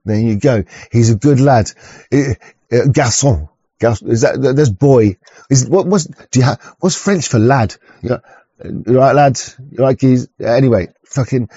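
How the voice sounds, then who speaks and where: A man's voice: mid-range voice, vocal fry, dark tone, slightly rough, no echo. A man hosting an online show, talking in a crude, rambling way, swearing often and stumbling over restarts. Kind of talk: rambling casual monologue. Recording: dull lo-fi recording.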